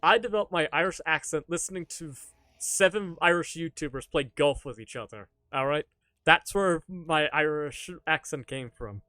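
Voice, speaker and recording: Joking male streamer, slightly high voice. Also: normal speed, pushed and bright, dry recording. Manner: rambling, joking, swears casually. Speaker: live streamer. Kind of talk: casual live-stream chat while gaming.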